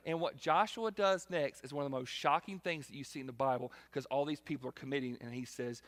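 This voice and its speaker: Animated high-voiced man preaching. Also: fast, few pauses. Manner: animated, acts out quotes, shifts between loud and quiet. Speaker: pastor. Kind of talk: sermon. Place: large church hall. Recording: long hall reverb.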